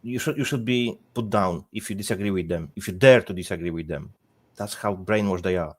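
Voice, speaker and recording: A man's voice: sits low, brisk, darkish tone. A man speaking as a guest on a casual panel chat, blunt, crude and scornful.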